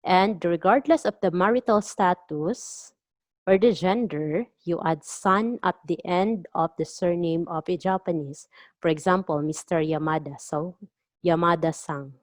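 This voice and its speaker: A woman with a Filipino accent gives a language lesson in a fairly low voice, set against a dry, close sound. She takes her time and repeats each phrase so listeners can practice along. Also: a little slow, no room sound. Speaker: Japanese language teacher.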